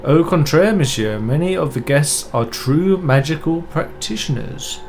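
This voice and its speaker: A man's voice: fairly high pitch, lively intonation, a little slow, soft background music. A man voicing a formal French male debunker of mystics in a put-on French accent, sprinkling in French words.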